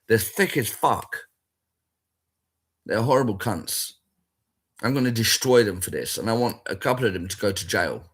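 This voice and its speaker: Brief: man, husky voice, blunt and foul-mouthed, rambling and repetitive. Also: lowish voice, animated, moderate pace, pauses often, fairly bright tone. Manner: sweary, blunt and rambling, repeats himself. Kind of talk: casual spoken rant.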